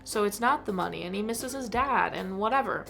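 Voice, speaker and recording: A woman's voice: mid-range voice, expressive, a little fast, gravelly, bright, forceful tone, soft background music. A woman giving a casual movie review, rambling and exasperated, saying "like" constantly. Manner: rambling, heavy use of "like", exasperated. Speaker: film reviewer vlogger.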